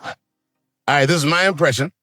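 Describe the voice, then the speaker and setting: A man's voice: a little high, brisk, sharp tone, dry recording. A man in his fifties doing a stand-up routine, rambling through self-deprecating asides with frequent restarts. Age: 50s. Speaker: stand-up comedian.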